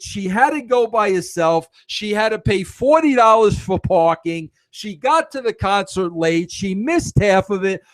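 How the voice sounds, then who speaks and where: A middle-aged man hosting a podcast, telling a story in an animated, self-mocking way with stammering restarts. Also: high voice, no echo. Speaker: podcast host. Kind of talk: casual storytelling monologue.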